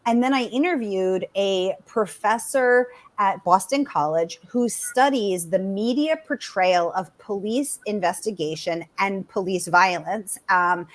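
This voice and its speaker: Chatty, animated woman author. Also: medium pitch. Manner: animated, chatty, many fillers. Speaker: author, guest. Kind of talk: conversational interview answers.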